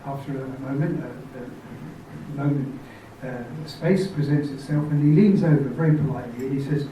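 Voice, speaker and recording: A man's voice: mid-range voice, normal speed, highs cut off, a little hiss or hum. A middle-aged man chatting to an audience between songs, telling a funny story with chuckles along the way. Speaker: folk singer on stage. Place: small club venue in front of an audience. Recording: echoey live room recording from a distance, guitar in the mix.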